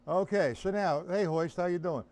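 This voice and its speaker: A man's voice: high-pitched, moderate pace. A tired man giving a live-streamed drum lesson, chatting loosely and greeting viewers by name. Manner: relaxed, chatty, talks to chat viewers by name. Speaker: drum teacher.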